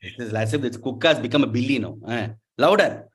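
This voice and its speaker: A man's voice: medium pitch, animated, quick pace, breathy edge. A man giving a playful, interactive storytelling lecture to a university class, often asking the audience questions. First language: not Telugu. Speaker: guest lecturer.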